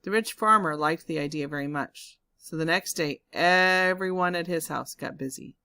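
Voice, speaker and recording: A woman's voice: sits low, normal speed, sharp tone, smooth, dry recording. Woman reading a picture book aloud to children. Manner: asks the listening children questions. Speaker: storybook reader. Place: home, during lockdown.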